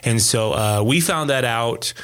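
A man's voice: medium pitch, unhurried, fairly bright tone, smooth. A man in his thirties, a kids pastor, talking casually and telling stories with quoted asides and frequent restarts. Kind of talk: casual conversation.

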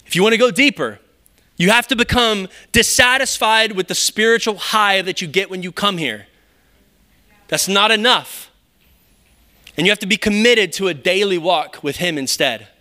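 A man preaching a sermon in a church, animated and conversational, with frequent rhetorical questions to the congregation. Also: high voice, moderate pace. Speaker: pastor. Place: church sanctuary.

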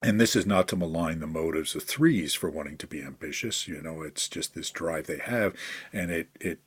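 A man with a very low, husky voice hosts a relaxed podcast conversation. He talks things through thoughtfully, puts questions to his guests and tends to end points with a questioning "right?". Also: normal speed. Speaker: podcast host.

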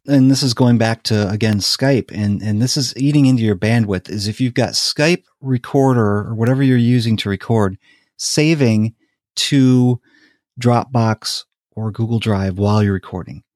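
A man, a podcast host, telling lively stories in casual chat and laughing often. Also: mid-range voice, moderate pace, no room sound, clean studio sound. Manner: animated storyteller, laughs often.

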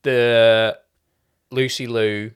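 A man's voice: medium pitch, flat delivery, drawn-out words, smooth. A man co-hosting a casual movie review podcast, arguing his points emphatically and swearing now and then. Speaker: podcast co-host. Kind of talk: casual film review chat.

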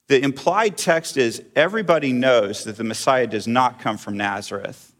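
Medium in pitch and a bit bright, the pastor's voice carries lively intonation at a moderate pace with hardly any pauses. The middle-aged man delivers his sermon conversationally, drawing the audience in with questions.

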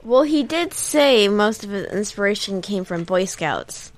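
Female co-host, TA, sparse dry asides, unhurried delivery, expressive pitch. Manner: brief dry interjections. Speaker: teaching assistant co-host. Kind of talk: casual chat.

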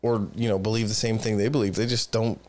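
A man's voice: fairly low pitch, fairly even intonation, quick pace, a little mellow. A man in casual chat who rambles with many fillers and swears freely. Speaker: podcast co-host.

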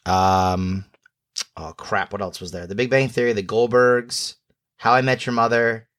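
A man co-hosting a podcast, chatting casually and rambling with many pauses and fillers. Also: fairly low pitch, fairly even intonation, a bit bright, no room sound, clean studio sound. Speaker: podcast co-host. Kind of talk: casual chat.

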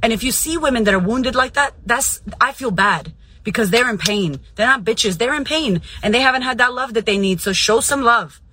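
A woman's voice: a little high, expressive, a little fast, pushed and bright, a little hiss or hum, poor audio. A woman podcast host giving a fiery, profane motivational rant in a casual, emphatic way.

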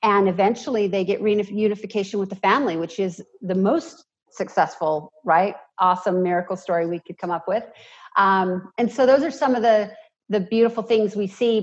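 A woman's voice: mid-range voice, muffled recording. A woman guest speaking earnestly and from the heart in an interview. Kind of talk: emotional personal interview talk.

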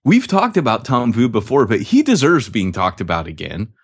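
Male co-host, low husky voice, lively and jokey casual banter. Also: moderate pace. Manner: joking, animated, does silly voices. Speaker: podcast co-host.

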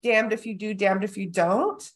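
A woman co-hosting a coaching conversation, animated, acting out small scenes with quoted voices. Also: medium pitch, normal speed. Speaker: co-host coaching a therapist.

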